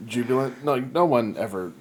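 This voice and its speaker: A man's voice: mid-range voice, expressive, normal speed, breathy edge. A man hosting a podcast, chatting casually with friends, often laughing and restarting his sentences. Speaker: podcast host. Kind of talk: casual chat.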